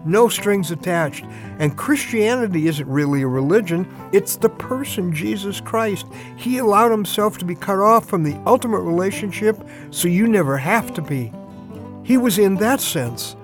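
A man giving a short radio devotional, earnest and emphatic, with dramatic pauses. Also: high voice. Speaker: radio preacher.

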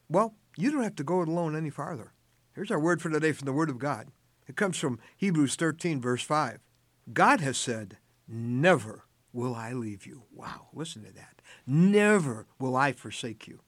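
Older male radio devotional speaker, animated storyteller, bright high voice, dead-dry studio sound. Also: no room sound. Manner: earnest storytelling, tender and emphatic. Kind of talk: short radio devotional talk.

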